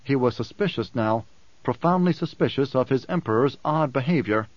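A man's voice: medium pitch, no room sound, highs cut off. Man narrating an audiobook, dry close sound. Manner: even, measured reading. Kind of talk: scripted narration.

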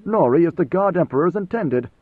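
A man voicing a fearful male messenger who speaks in a tightly controlled, urgent, hushed way. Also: a little high, lively intonation, a little fast, breathy edge, dry recording, pitched above the performer's own voice. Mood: tense. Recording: tinny phone-like band, dry.

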